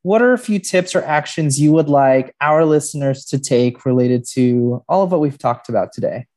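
A man's voice: on the high side, normal speed, darkish tone. Man asking interview questions. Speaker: podcast host.

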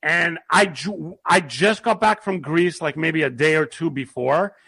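High, gravelly man telling a story. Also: a little slow. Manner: animated, laughs often, shouts when quoting himself. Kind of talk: casual storytelling.

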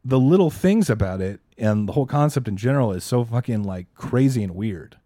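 A man's voice: medium pitch, animated, a little fast, warm tone, no room sound, studio quality. A man co-hosting a podcast, asking wry questions and mulling a film over in casual, profane chat. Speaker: podcast co-host. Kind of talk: casual movie-review chat.

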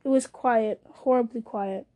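A woman's voice: fairly high pitch, a little slow, dark tone. A woman reading a fantasy novel aloud, telling the story steadily with small slips and restarts. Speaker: reader.

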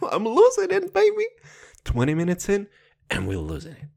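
Man, young adult, non-native English speaker, podcast host, crude comedic rant, very animated pitch, close mic. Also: a little slow, vocal fry. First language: not English. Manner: profane, rambling, playful, laughs a lot. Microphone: close podcast microphone.

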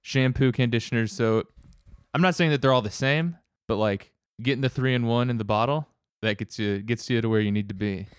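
A man co-hosting a podcast in casual chat, rambling with halting restarts and wry jokes. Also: mid-range voice, clean tone, no echo, clean studio sound.

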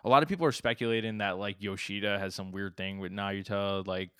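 A man with a low voice talks in an easygoing way on a casual podcast, chiming in with jokes. His voice is dry and close, with no trace of the room. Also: fairly even intonation, a little fast, bright, forceful tone, clear, resonant tone, no room sound. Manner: easygoing, laughing, chimes in with jokes. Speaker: podcast co-host. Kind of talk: casual chat.

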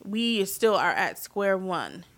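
A woman in her thirties casually telling a personal story, getting animated and loud at emotional moments. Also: medium pitch, slow. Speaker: vlogger telling a family story.

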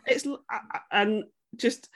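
A woman's voice: on the high side, normal speed, a bit bright. A woman joins a podcast as a guest and talks in an easy, casual way. She tells things with enthusiasm and giggles often. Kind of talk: casual chat.

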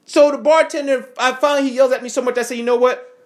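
A man angrily recounting a confrontation in a profane, animated first-person story with quoted dialogue. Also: very high voice, fast. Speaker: veteran recounting an incident. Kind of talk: angry first-person account to camera.

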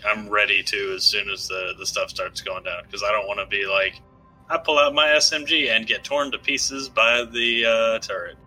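Bright-voiced man talking at the table. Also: lowish voice, fairly even intonation, moderate pace, faint music behind, rough recording. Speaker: player. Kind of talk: casual table talk.

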